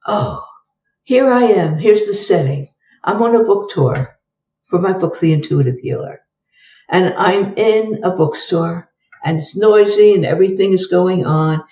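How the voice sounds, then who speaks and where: An older woman, a psychologist, telling case stories as an interview guest and acting out the dialogue in a lively way. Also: fairly low pitch, distant mic, a little hiss or hum. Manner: lively storyteller who acts out the dialogue. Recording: roomy, dull sound from away from the mic.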